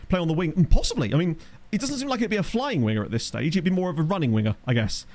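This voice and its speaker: A chatty man streaming a game, his voice pitched a touch high and swooping up and down a lot. He talks casually into a desk microphone, answers his chat and laughs often. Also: animated, racing, darkish tone. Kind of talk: casual live-stream commentary. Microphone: USB desk microphone.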